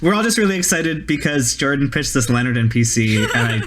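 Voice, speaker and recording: Excitable player over loud noise. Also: mid-range voice, fairly quick. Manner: excited, laughing commentary. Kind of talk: tabletop game chat.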